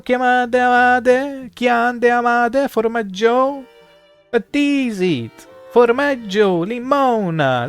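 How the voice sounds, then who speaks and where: A man putting on a hammy mock Italian man with a sing-song, drawn-out delivery. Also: very high voice, smooth, no echo, voice pushed up, heavily acted.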